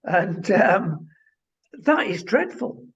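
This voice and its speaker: On a talk show he co-hosts, a man turns to the viewer and speaks with indignation. His high voice is sing-song and slightly rough, very slow, and the sound quality is dull lo-fi.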